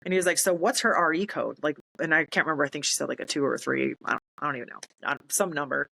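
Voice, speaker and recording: A woman's voice: low-pitched, fairly even intonation, very fast, vocal fry, bright, forceful tone, rough recording. A woman, a military veteran telling her story in casual talk, acting out quoted voices and laughing in disbelief.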